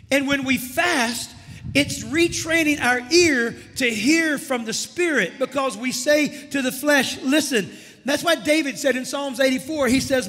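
In a church sanctuary, a man preaches a sermon as pastor, stumbling over repeated words and calling out to his congregation. His voice is very high-pitched with a sharp tone, and the recording carries the long reverb of a church hall.

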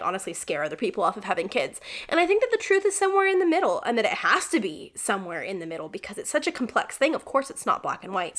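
A woman's voice: mid-range voice, fairly bright tone. A young woman, a vlogger and stay-at-home mom, talking candidly with lots of fillers and sometimes close to tears. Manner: rambling, many "like" and "um" fillers; emotional, close to tears at times. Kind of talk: candid confessional vlog talk.

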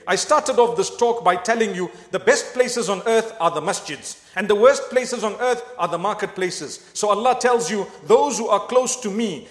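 A man's voice: high-pitched, roomy sound, big-room sound. A man preaching a sermon in a mosque, earnest and speaking straight to his listeners with questions. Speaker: Islamic preacher.

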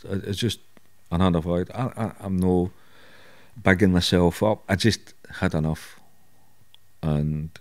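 A man's voice: low-pitched, darkish tone. A middle-aged Scottish man, a podcast guest, telling blunt stories in a candid interview, swearing and laughing at himself.

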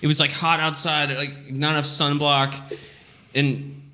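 A man's voice: a little high, a little slow, background noise. A man co-hosting a casual podcast chat, telling funny stories and laughing often. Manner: laughs often, animated storyteller. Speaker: podcast co-host.

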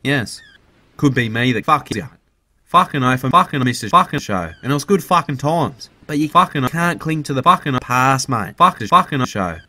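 A man's voice: medium pitch, expressive, normal speed, sharp tone. A man giving a crude, rambling parody interview, swearing constantly. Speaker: mock interviewee.

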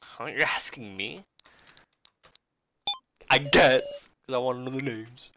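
A man voicing a frank, eager young woman while reading a visual novel aloud, firing off loud, pushy questions. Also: medium pitch, takes it slowly, gravelly, noisy background. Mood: unsure.

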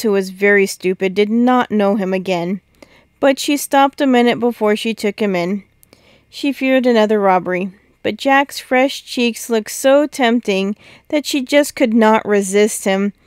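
Female storybook narrator, smooth, dry close sound, mid pitch. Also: a little slow, no room sound. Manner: steady, expressive narration. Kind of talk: storybook read-aloud.

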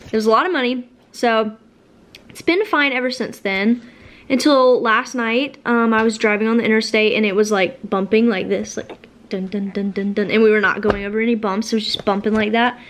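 A woman's voice: on the high side, a little fast. Chatty young woman vlogger with hiccups. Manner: rambling, lots of fillers and restarts. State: has the hiccups. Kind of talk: casual vlog chat.

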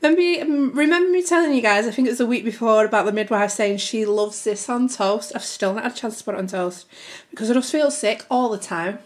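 A woman's voice: a little high, a little fast. A young woman chatting through a family grocery haul to camera at home, rambling and slightly out of breath. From United Kingdom. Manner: chatty, rambling, keeps addressing viewers as guys. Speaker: family vlogger.

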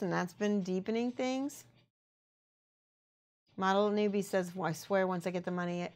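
A woman chatting casually on a live stream as she paints miniatures, thinking aloud and reading out the chat. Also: medium pitch.

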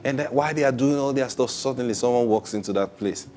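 A man's voice: medium pitch, fast talker, dark tone, faint music behind. A man preaching a sermon in a plain, conversational manner, often repeating his phrases.

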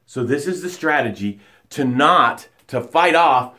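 A man's voice: mid-range voice, sing-song, measured pace, pushed and bright. A man coaching his audience live, preaching with energy and repeating his key phrases, sometimes acting out angry stories with a rising voice. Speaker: motivational coach. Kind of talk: live motivational broadcast.

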